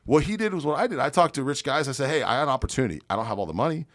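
A man's voice: medium pitch, lively intonation, rapid-fire, no echo, studio quality. A man guesting on a podcast as a real estate investor, telling brash, boastful stories full of swearing. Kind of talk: profane storytelling on a podcast.

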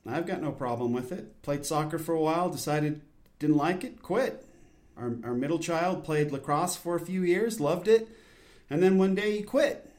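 A man's voice: fairly high pitch, moderate pace, a little mellow. Earnest intense guy in his 40s doing a solo podcast, rambly, lots of restarts. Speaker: podcast host. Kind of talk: casual solo podcast talk.

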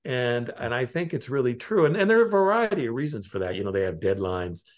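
A middle-aged man from Alaska, a lawyer and interview guest, telling stories in a halting, rambling way with chuckling asides. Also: mid-range voice, sing-song. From Alaska, United States. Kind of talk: casual interview conversation.

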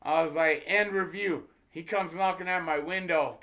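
High, bright-voiced profane storyteller man. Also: moderate pace, hardly any pauses, a little hiss or hum. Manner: profane, animated, acts out quoted dialogue. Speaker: comedian guest. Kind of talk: casual podcast storytelling.

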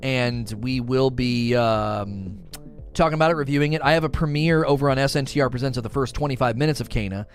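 A man's voice: mid-range voice, a little fast, faint music behind. Rambling, laugh-prone male streamer. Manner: rambling, laughs often, repeats words and phrases. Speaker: livestream host reading viewer chat. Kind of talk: casual livestream chat.

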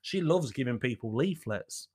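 A man's voice: medium pitch, animated, normal speed, a little mellow, slightly rough. A man hosting a comic podcast, reading letters aloud with sweary, laughing asides. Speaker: podcast host.

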